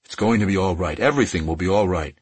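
A man doing a tender immortal lover, speaking softly and gently in a very low, husky voice. The sound is dry and close. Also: fast, dry recording.

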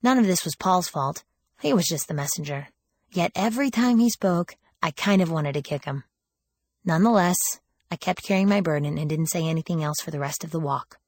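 A woman's voice: on the low side, lively intonation, a little fast, darkish tone. A woman reading a first-person audiobook in a wry, sardonic storytelling manner, lifting her voice for quoted lines. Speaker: audiobook narrator.

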